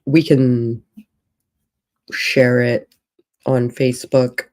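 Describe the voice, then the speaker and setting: Slow, mellow woman rambling casually. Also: rumbling low, little pitch movement. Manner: rambling, thinking aloud. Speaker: author and streamer. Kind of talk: casual livestream chat. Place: hotel room.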